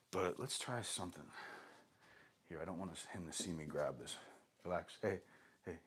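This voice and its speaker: A man with a stuffy nose who runs short of breath, explaining dog training casually and talking softly to the dog. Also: sits low, slightly rough. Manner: relaxed, talks softly to the dog between explanations.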